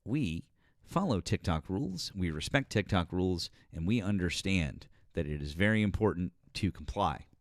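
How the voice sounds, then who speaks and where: A man with a very low voice hosts a casual live stream, chatting with guests and callers. He talks haltingly, full of fillers and restarts. The sound is dry and close. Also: expressive, dry recording.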